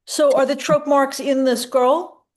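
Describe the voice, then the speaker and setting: High-voiced woman asking a question. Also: steady tone, a little slow. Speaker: student.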